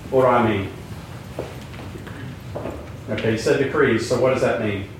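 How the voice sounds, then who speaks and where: A man's voice: medium pitch, normal speed. A man leads a Bible class in a loose, chatty way, full of ums, quips and questions to the room. He is heard from some distance in a very echoey room. A faint hum of room sound sits behind him. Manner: conversational, many fillers, jokes with class. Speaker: Bible teacher. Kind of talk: informal classroom teaching with questions.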